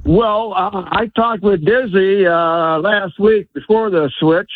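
A man's voice: high voice, slow, dry recording. A man calling in to a radio show, rambling and hesitant. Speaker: caller. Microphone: phone. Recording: tinny phone line.

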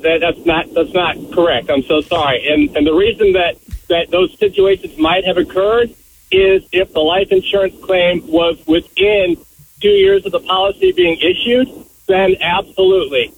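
A man's voice: high voice, animated, moderate pace, a little hiss or hum. A man calling into a radio show, politely correcting the hosts and repeating his words as he explains. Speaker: caller. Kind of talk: phone-in explanation. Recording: tinny phone line.

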